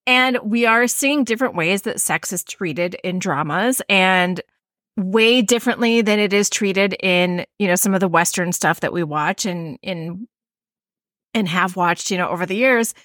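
A woman's voice: medium pitch, measured pace, a bit bright, no room sound, studio quality. A woman with a Midwestern American accent, co-hosting a podcast in casual, rambling chat full of fillers. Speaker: podcast co-host.

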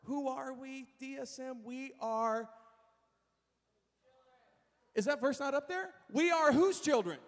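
A man preaching a sermon, telling a personal story in an animated way and calling out to his congregation. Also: very high-pitched, slow pace, long pauses. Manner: animated, acts out voices, addresses the congregation. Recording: reverberant hall.

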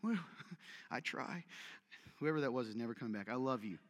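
A man preaching a sermon as pastor, direct and energetic, with rhetorical questions and self-deprecating humor. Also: medium pitch, normal speed. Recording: long reverberant hall.

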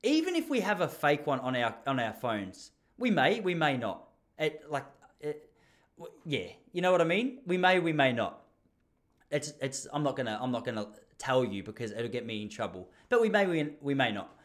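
A man's voice: mid-range voice, very animated, normal speed. A young Australian man telling a rambling story in a casual monologue, chatty with lots of restarts.

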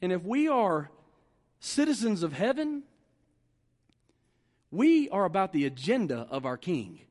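High-voiced preacher in a reverberant hall. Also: male voice, sing-song, a little mellow. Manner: emphatic, repeats phrases and slows down to stress points. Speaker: pastor. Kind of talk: sermon. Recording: long reverb of a large hall.

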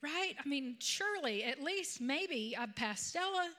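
A woman's voice: sits high, unhurried. A woman in her fifties who is a grandmother, preaching a sermon that mixes personal stories with conversational asides. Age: 50s. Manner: conversational, animated storytelling with asides.

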